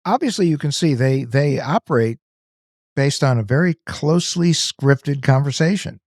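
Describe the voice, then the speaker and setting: Measured, explaining male podcast co-host. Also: on the high side, animated, a little mellow, dry recording. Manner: measured, explanatory, dry humor. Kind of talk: casual podcast chat.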